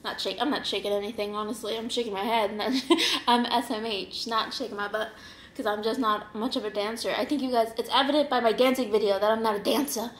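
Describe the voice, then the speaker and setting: Young woman, eating-show host, animated storyteller, higher voice, roomy echo. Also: quick pace. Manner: animated, rambling, laughs often, acts out quotes. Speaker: mukbang host. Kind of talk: casual storytelling. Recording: roomy echoing room.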